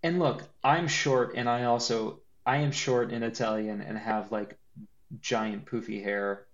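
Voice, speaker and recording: A man co-hosting a podcast in casual chat, animated and joking, with a lot of laughing and restarts. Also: medium pitch, a little slow, lo-fi sound. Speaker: podcast co-host.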